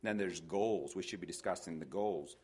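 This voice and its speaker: An older man with a fairly low voice preaches on marriage. He tells folksy anecdotes, stumbles into restarts and pops his voice up high when he quotes someone. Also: moderate pace, darkish tone, husky. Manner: folksy storytelling, hesitant restarts. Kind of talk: sermon on marriage.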